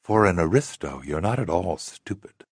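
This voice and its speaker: A man reading a dry-witted, self-assured young woman in a story, teasing and unhurried. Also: low-pitched, expressive, slightly rough, dry recording.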